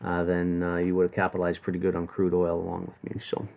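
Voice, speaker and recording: A man's voice: sits low, completely flat delivery, fast talker, gravelly, phone-quality sound. A man giving live market commentary to viewers in a loose, rambling way, full of fillers and restarts. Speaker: trading analyst.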